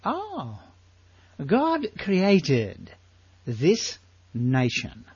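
Older aussie man preaching, lively swooping pitch, husky voice, muffled dry sound. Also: dry recording. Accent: Australian. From Australia. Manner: animated, rhetorical questions, drawn-out emphasis. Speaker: Bible teacher. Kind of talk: sermon.

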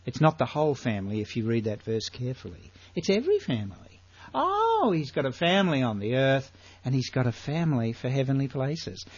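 Animated older Australian preacher. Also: male voice, mid-range voice, slightly rough, no room sound, muffled recording. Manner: animated, rhetorical questions, drawn-out emphasis. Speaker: Bible teacher. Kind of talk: sermon.

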